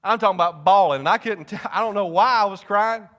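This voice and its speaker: A young man, preaching a folksy personal testimony that swings from loud to hushed. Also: high voice, fast. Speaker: pastor. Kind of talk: sermon testimony.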